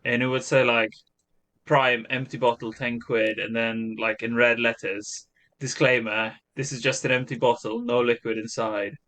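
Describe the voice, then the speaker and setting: A podcast co-host talking casually, wandering through points with false starts and dry scorn. His voice is bright and forward, mid-pitched for a man. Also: flat delivery, normal speed. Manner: rambling, hesitant, sardonic. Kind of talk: casual chat.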